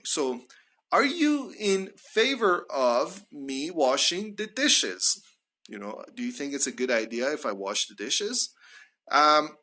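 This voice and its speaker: A young man gives a live English lesson in a bright, forward voice with a slightly raised pitch. He stretches out his example phrases and pushes his intonation up high on tag questions. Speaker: English teacher.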